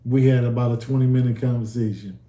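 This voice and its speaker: He talks fast, his mid-range voice warm and steady, as he gives earnest testimony about nearly dying in a casual sit-down conversation. Acting out the quoted dialogue, the guest is recorded in a room with noticeable echo.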